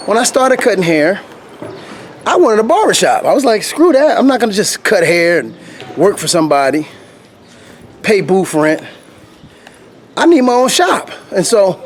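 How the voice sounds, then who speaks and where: A man telling his life story in a casual, animated vlog while walking uphill outdoors, slightly out of breath and laughing now and then. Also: sits high, slight background noise. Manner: animated, laughs often, acts out what people said. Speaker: vlogger.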